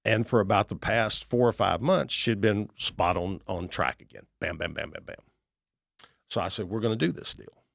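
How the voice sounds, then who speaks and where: A middle-aged man with a very deep, gravelly voice tells stories in a podcast interview. He acts out the voices of the people he talks about in a folksy way. The recording is close and dry. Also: moderate pace, dry recording. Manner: folksy, animated storyteller acting out dialogue. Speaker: guest, real estate investor and author.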